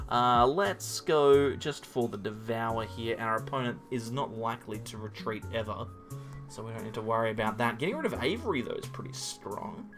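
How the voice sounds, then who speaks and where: Male gameplay commentator, mid-pitched, animated delivery, mutters to himself, dry jokes. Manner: animated, thinks aloud and talks to himself; playful, wry asides. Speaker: card game player commentating his match.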